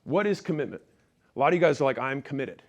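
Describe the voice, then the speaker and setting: A man's voice: fairly high pitch, lively intonation, rapid-fire. A man giving a motivational business talk in a punchy, storytelling way, speaking straight to his audience.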